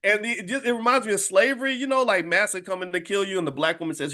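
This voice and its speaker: A man's voice: high voice, fast, hardly any pauses, sharp tone. A middle-aged man and channel host casually telling a personal story, often restarting sentences and repeating words as he goes. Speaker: finance educator and channel host.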